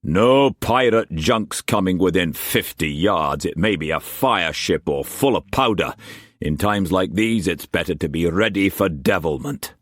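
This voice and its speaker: A commanding merchant captain gives his orders firmly and in clipped phrases, as a male narrator puts him on. The voice is low and unhurried. It is recorded dry and close. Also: expressive, dry recording.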